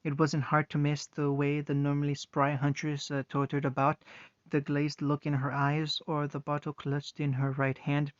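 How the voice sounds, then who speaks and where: Man reading a story, flat delivery, slightly high voice, dull dry recording. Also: no room sound. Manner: halting, with frequent restarts. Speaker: reader. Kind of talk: fan fiction reading.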